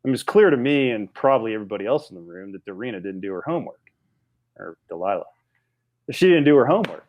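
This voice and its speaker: A man in his forties, a podcast guest telling a story in a casual, animated way with frequent restarts. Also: fairly low pitch, fast. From United States.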